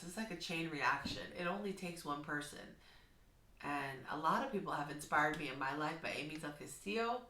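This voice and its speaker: A woman's voice: low voice, echoey room, distant mic. A woman who teaches kindergarten, speaking earnestly and encouragingly in a heartfelt vlog. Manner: earnest, encouraging, gently instructive. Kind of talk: heartfelt talking-to-camera vlog.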